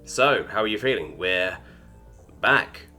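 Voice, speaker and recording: A man's voice: lowish voice, lively intonation, takes it slowly, bright, forceful tone, soft background music, exaggerated voice. A man voicing a drowsy, easygoing teenage human boy who mumbles.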